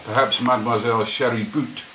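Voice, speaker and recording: A pompous French theatrical agent, played by an Englishman, formal and a little grand in his phrasing. The room around him rings with echo and clear background noise. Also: medium pitch, fairly even intonation, brisk, bright, forceful tone, lightly acted. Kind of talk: amateur murder-mystery party role-play. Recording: echoey noisy room.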